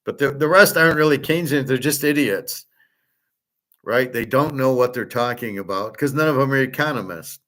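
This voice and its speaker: A man's voice: medium pitch, normal speed, bright, forceful tone. A man hosting his own show, talking alone in a blunt, rambling rant, swearing and mocking others. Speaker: host. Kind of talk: opinionated monologue.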